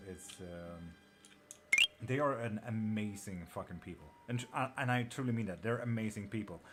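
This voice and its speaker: A man with an Irish-sounding accent and a slight twang, hosting a live tarot stream in casual chat, blunt and swearing freely as he answers viewers. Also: fairly low pitch.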